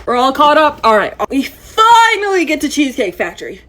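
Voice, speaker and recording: In a storytime vlog, a woman tells the tale of a wild date, her high, strikingly lively voice leaping up and down as she dramatizes each moment. She talks a little fast, with an exasperated edge.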